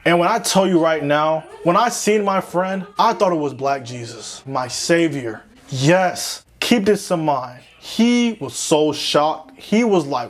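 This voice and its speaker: A young man telling a comic story in an animated way, swinging between loud panic and low mutters. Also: unhurried, hardly any pauses. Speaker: comedic storyteller. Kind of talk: comedic skit narration.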